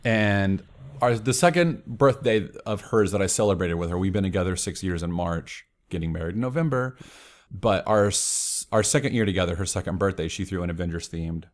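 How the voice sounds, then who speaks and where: A man being interviewed on a podcast, telling stories excitedly and saying "like" a lot. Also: low voice, a little fast. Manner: excitable storyteller, heavy use of "like". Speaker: podcast guest. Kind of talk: casual interview chat.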